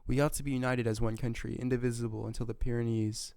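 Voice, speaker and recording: A man voicing an aging male dictator who reads a formal speech from game text in his own gravelly, flat voice. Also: medium pitch, fast talker, no echo, close to an everyday voice.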